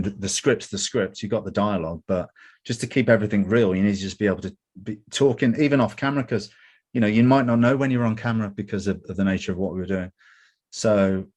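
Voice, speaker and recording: A middle-aged English man, an actor being interviewed, telling candid anecdotes and acting out what others said. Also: on the low side. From England. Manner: candid, anecdotal, animated when quoting others. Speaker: actor guest. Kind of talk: interview conversation.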